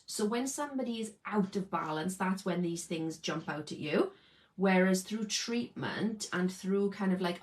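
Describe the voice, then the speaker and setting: A woman talks casually to her viewers about her healing practice, pitched a little low. She explains as she goes and keeps checking in with "okay?". Her tone is informal and unscripted. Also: poor audio. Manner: chatty, explains with lots of "okay?" tags. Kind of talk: casual talk to camera.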